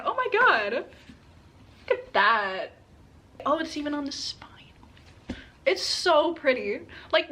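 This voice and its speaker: A bright, slightly high-pitched young woman talking to camera about her books. She gushes and giggles between sentences in a casual, chatty way. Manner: gushing and giggly, often breaking into laughs and gasps. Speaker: book vlogger. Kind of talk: casual reading vlog chat.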